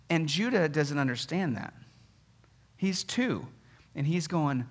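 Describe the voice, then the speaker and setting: A man in his thirties, a pastor giving a sermon in an animated, conversational way, telling stories with humor. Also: fairly high pitch, slow, pauses often, husky.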